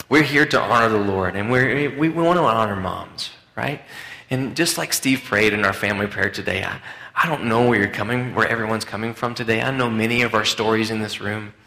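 A man's voice: mid-range voice, bright, forceful tone. A man preaching a conversational sermon to a congregation, with frequent restarts. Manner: conversational, hesitant, with many restarts. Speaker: pastor. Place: church hall. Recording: echoey church room.

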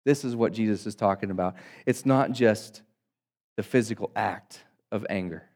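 A male pastor preaching a sermon to his congregation, swinging between loud emphatic bursts and quiet, low asides. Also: normal speed. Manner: dynamic preaching, rising loud for emphasis and dropping soft; addresses congregation as guys.

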